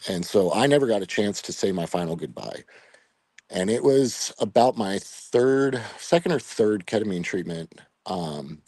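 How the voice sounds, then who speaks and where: A middle-aged man with a deep, low voice tells a painful personal story as a podcast guest. He speaks reflectively, pausing and restarting with fillers as emotion rises. The sound is dry and close, with no room around it. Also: darkish tone, dry recording. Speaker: retired Air Force veteran guest.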